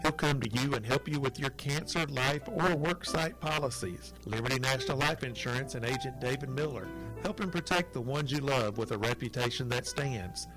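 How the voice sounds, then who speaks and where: A man's voice: mid-range voice, moderate pace, rough recording. A man announcer reading a friendly local radio ad over music.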